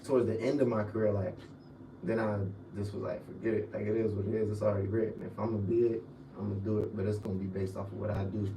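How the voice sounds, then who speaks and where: A young man, a former college football player, telling stories in relaxed slang on a casual podcast. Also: fast. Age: young adult. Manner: laid-back storytelling with slang, drifts low and quiet. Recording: echoey room, mic at a distance, faint noise.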